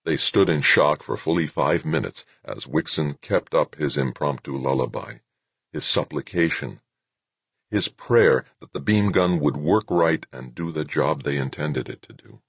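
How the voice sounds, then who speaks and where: A man narrating an audiobook in a measured storytelling manner. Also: rumbling low, lively intonation, vocal fry, a bit bright, breathy edge, no room sound.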